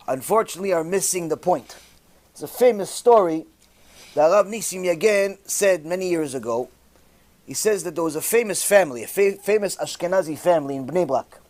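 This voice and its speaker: High-voiced, animated storytelling rabbi. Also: male voice. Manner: animated storyteller with sudden loud bursts. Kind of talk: storytelling religious talk.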